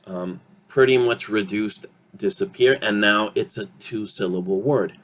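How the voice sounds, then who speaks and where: A man teaching an online English pronunciation lesson, slow and deliberate, often ending points with "okay?" and filling pauses with "um". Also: lowish voice, fairly bright tone.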